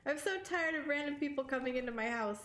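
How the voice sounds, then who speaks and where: Fast-talking and high-voiced, this woman has a fairly bright tone and a scratchy throat as she chats casually while streaming a game at home. She laughs often and swears now and then, over game music in a room with noticeable echo.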